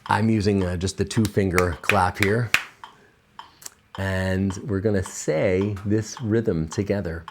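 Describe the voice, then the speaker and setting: A man gives a piano lesson in a low, slow voice. He explains each point patiently, pausing often with fillers as he searches for words. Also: fairly even intonation, noisy background. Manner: unhurried, with frequent fillers. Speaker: piano teacher. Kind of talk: relaxed instructional explanation.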